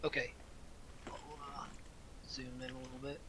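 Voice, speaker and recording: A man playing a cleric in a tabletop game, halting and full of rules questions. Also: mid-range voice, monotone, noisy background. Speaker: player, war cleric.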